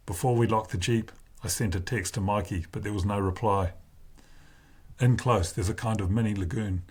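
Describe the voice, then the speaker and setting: A man with a husky voice reading a first-person novel aloud in a slow, deliberate way. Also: fairly low pitch, a little mellow. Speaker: narrator.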